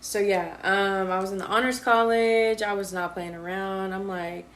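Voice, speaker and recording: Young woman, twenties, casual interview, slangy, animated storytelling, mid pitch. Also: moderate pace, slight background noise. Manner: lively storyteller, slangy, acts out quotes. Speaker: interviewee, college student. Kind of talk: casual chat.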